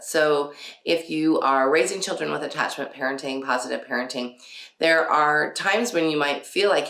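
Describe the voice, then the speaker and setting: A woman's voice: low-pitched, moderate pace, vocal fry, a bit bright. A woman hosting a casual parenting talk, chatty, with frequent laughs and many fillers. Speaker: podcast host. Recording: roomy echo.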